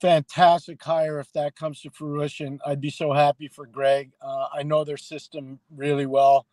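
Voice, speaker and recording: A middle-aged man co-hosting a hockey podcast, talking casually and telling stories with lively acted-out quotes. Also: fairly high pitch, normal speed, no echo. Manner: animated storyteller, acts out quoted people. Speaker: hockey analyst and podcast co-host.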